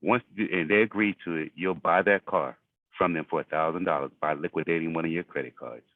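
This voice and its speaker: A very deep-voiced man gives a preachy motivational talk to a group. His voice comes through a tinny, phone-like call line, and the sound is dry with no room echo. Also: brisk. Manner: preachy, repeats phrases for emphasis. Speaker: group leader. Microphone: video call.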